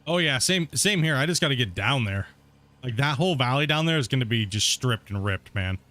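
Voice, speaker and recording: A man's voice: mid-range voice, expressive, a little fast, sharp tone. A man casually chatting on a live stream while he plays, laid-back and rambling, tagging his sentences with "right?" and "man". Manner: reads out and answers viewer chat. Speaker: gaming streamer.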